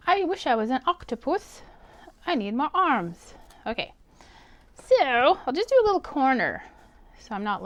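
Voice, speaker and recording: A bright, high-voiced woman talks viewers through a craft project. Her pitch swings widely and she sounds playful and chatty as she works. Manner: chatty, playful, upbeat, talks while working. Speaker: art teacher. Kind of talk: casual craft tutorial.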